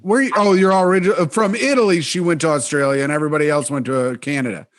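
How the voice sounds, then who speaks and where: A man's voice: on the high side, very fast. A man hosting a podcast, chatting casually and tossing in dry jokes. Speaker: podcast host. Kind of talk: casual chat.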